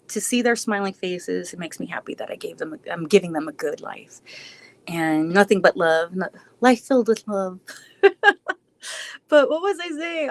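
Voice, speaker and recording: Woman, live streamer, casual chat Q&A, reflective, rambling, restarts often, medium pitch.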